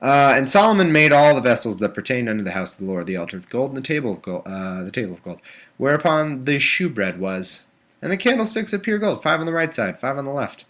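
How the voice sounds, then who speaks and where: A man's voice: mid-range voice, very animated, fast talker, a bit bright. A man live-streaming from home, reading scripture aloud and breaking off into exasperated, sarcastic rants. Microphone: webcam or desktop mic.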